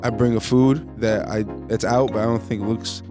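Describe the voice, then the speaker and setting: A man's voice: lowish voice, fairly even intonation, moderate pace, over music. A man hosting a casual podcast, talking in a laid-back, profane, joking way. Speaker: podcast host. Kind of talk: casual chat.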